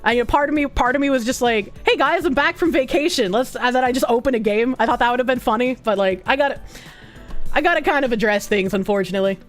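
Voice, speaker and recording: A woman's voice: a little high, fast talker, faint music behind. A woman streamer with a Boston accent, chatting bluntly and casually with her viewers, swearing often and breaking into laughs.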